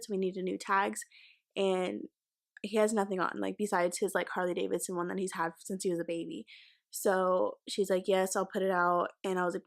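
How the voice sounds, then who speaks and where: Young woman vlogger telling a story. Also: mid-range voice. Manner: swearing, emotional retelling with fillers. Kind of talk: casual storytime.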